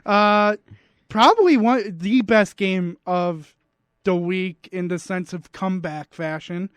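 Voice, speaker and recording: A man's voice: high-pitched, takes it slowly, clean tone, no echo. A man co-hosting a radio sports show, casually explaining game facts at length. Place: radio studio.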